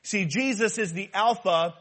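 Pastor, man with a high voice, lively and joking from the pulpit. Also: a little slow. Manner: animated, humorous preaching with rhetorical repetition. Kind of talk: sermon.

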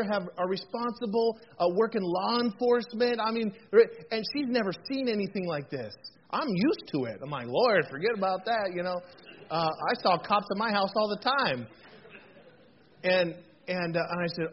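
A man in his forties preaching a sermon to a room, telling jokey personal stories and calling on the audience to repeat after him. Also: sits high. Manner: animated, jokey storytelling with audience call-outs. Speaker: pastor. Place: church hall. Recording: dull lo-fi recording, faint noise.

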